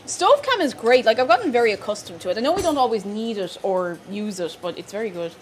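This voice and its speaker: A woman's voice: mid-range voice, lively intonation, quick pace, a little mellow, a little hiss or hum. A woman cooking on a live stream, chatting playfully with her viewers as she works. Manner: chatty, playful, talks to chat while cooking. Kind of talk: casual cooking stream chat.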